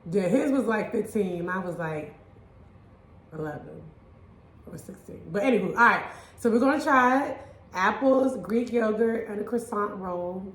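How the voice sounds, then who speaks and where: A woman, chatting excitedly while she cooks in a casual vlog. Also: medium pitch, normal speed, roomy sound. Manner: chatty and excitable, laughs easily. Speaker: fitness vlogger cooking at home. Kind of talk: casual cooking vlog chat.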